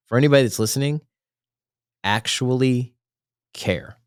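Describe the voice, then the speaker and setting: A man's voice: medium pitch, moderate pace, clear, resonant tone, dry recording, studio quality. A man co-hosting a faith podcast, talking earnestly in a rambling way and correcting himself as he goes. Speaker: podcast co-host. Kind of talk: casual faith podcast chat.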